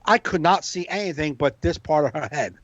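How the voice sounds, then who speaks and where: A man, a comedian hosting a podcast, telling a profane, animated story in casual banter. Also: fairly high pitch, brisk, no room sound, highs cut off. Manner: animated storyteller, profane, acts out quoted voices.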